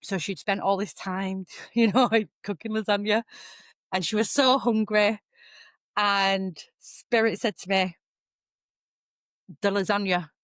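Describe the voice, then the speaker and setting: A middle-aged woman, a psychic medium guest on a podcast who talks in a lively, chatty storytelling way. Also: medium pitch, unhurried, no room sound, clean studio sound. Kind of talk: casual podcast conversation.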